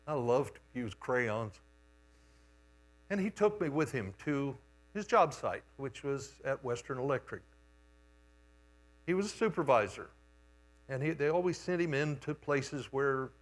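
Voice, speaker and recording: Older male preacher, homespun storyteller, leisurely pace. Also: medium pitch. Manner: unhurried, homespun storytelling with pauses. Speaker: guest preacher. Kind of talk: storytelling sermon. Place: church sanctuary.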